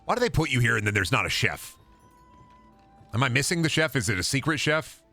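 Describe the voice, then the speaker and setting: Lively, bright-voiced male streamer. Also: mid-range voice, brisk, gravelly, soft background music. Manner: animated, profane, chatting with viewers. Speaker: game streamer. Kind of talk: casual gaming stream commentary.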